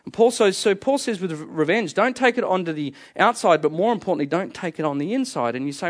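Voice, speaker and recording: A man's voice: sits high, expressive, fast talker, hardly any pauses. A middle-aged man preaching a sermon, emphatic and fond of repeating key phrases. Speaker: pastor.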